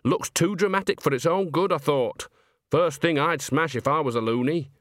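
A man's voice: fairly high pitch, moderate pace, a bit bright, no echo, studio quality, pitched above the performer's own voice, close to an everyday voice. A man voicing a chatty, cheeky old witch. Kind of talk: audiobook character voice.

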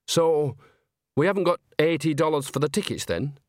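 A man's voice: on the high side, lively intonation, moderate pace, dry recording, studio quality, pitched above the performer's own voice, lightly acted. A man voicing a cheerful, earthy old woman witch who talks in a rambling, folksy, sly way. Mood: chatty. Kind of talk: audiobook character voice.

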